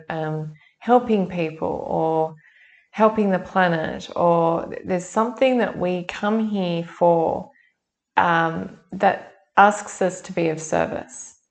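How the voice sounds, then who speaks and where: A woman's voice: fairly low pitch, darkish tone. A woman giving a casual monthly tarot reading, chatty and thinking aloud with many restarts. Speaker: tarot reader.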